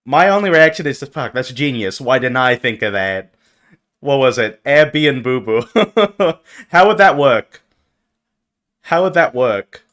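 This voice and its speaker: A young man streaming as a VTuber, chatting casually with his viewers and jumping from mumbled asides to loud yelps. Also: mid-range voice, big pitch swings, a little slow. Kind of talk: casual live-stream chat.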